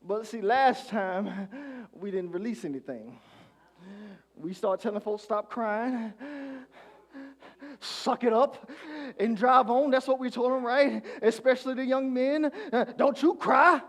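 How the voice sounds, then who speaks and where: A pastor delivers a sermon in an extremely high-pitched, unhurried voice, urging the congregation to answer back. He swings between hushed lines and shouts.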